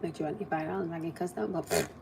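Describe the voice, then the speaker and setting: A woman's voice: on the low side, very fast, creaky, background noise. Chatty young woman telling stories on a live stream. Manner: animated, acts out quotes, laughs often, eats while talking. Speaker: livestream host. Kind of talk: casual storytelling on a livestream.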